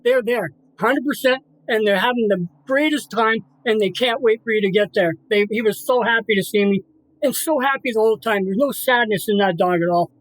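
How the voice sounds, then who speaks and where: Sounding high and a little fast, a middle-aged interview guest tells a moving story from his own life in an earnest way. He goes over the same points more than once and performs the voices of people in it, all on a rough recording.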